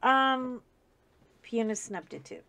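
Slow, chatty laughing woman host. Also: fairly high pitch, lively intonation, creaky, pushed and bright. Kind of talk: casual chat.

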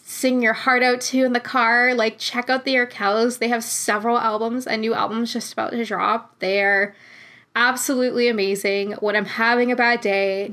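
A woman's voice: fairly high pitch, fairly bright tone. Chatty young woman, heartfelt story. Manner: heartfelt, chatty, many fillers. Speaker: vlogger. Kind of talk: casual storytelling vlog.

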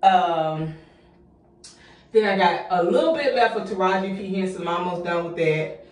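A woman's voice: on the low side, normal speed, distant mic. Breathless, chatty woman in an echoey bathroom. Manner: chatty, effusive, addresses viewers as y'all. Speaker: home organization vlogger. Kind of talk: casual vlog chat.

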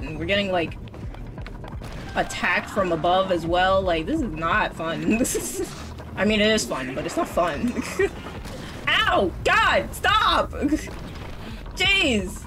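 A woman streaming a game live, excitable, talking back to the game, swearing and laughing as she plays. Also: lowish voice, rough recording. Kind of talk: live gameplay commentary.

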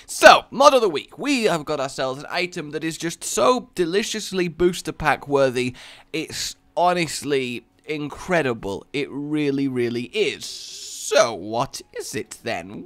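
A man's voice: a little high, big pitch swings, unhurried, a bit bright, no echo. A man giving comedic gameplay commentary, goofy and rambling, with silly sing-song bits. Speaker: gaming YouTuber.

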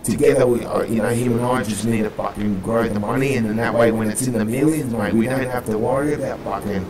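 A man's voice: medium pitch, fast, roomy sound, over a noisy crowd, poor audio. A man playing a gang leader in a roleplay, rambling, swearing constantly and calling everyone mate. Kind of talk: in-character roleplay chat.

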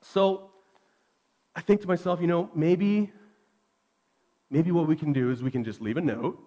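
A man, preaching a sermon and telling a self-deprecating personal story with animated energy. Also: a little high, a little slow, lo-fi sound. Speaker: pastor.

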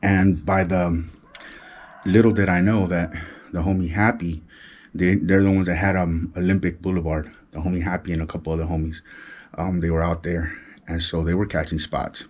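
A man's voice: sits low, level tone, normal speed, darkish tone. A middle-aged man from Los Angeles with a Chicano LA accent, telling a street story in casual slang and keeping his voice down. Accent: Chicano Los Angeles English. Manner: street slang, imitates gunshots with his mouth; keeps voice down so as not to wake his wife. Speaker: vlogger.

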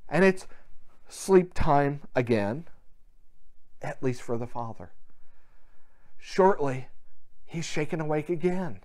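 A pastor preaching a sermon in an earnest, storytelling way, acting out quoted dialogue. The pitch rises and falls a great deal, so the delivery sounds animated. The service takes place without a gathered congregation. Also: slow, pauses often.

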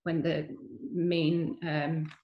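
A woman's voice: low voice, level tone, very slow, lo-fi sound. A middle-aged woman, a guest on a video call, laughing often and restarting her sentences. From Ireland. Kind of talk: casual video call interview. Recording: echoey room on video call.

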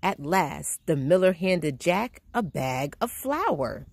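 Low-voiced woman reading a picture book. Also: slightly rough. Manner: gentle, slow, expressive storytelling. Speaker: children's read-aloud host. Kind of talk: picture book read-aloud.

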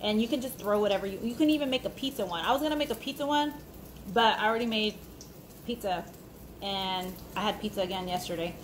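A woman's voice: medium pitch, fast. A middle-aged woman chatting casually while she cooks in her home kitchen, rambling between steps. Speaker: cooking vlogger. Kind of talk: casual live cooking chat. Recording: echoey room with faint noise.

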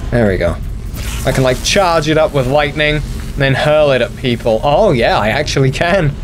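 A man's voice: a little high, normal speed, background noise. A young man hosting a gaming channel, chatting casually and mocking himself as he plays. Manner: self-deprecating, sweary, chatty. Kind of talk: casual let's play commentary.

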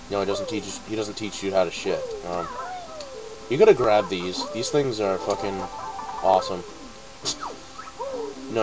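A man's voice: deep voice, rough recording. A man giving casual, profane, joking let's play commentary. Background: game music.

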